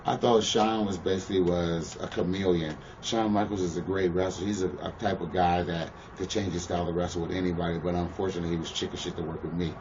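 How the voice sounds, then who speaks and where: Low-ish guy cussin hard, blunt as hell, mic kinda far off w faint hiss. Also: steady tone, fast, few pauses, a little mellow, muffled recording. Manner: blunt, profane, keeps asking "you know what I'm saying". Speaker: pro wrestler interviewee. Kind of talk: shoot interview, casual storytelling.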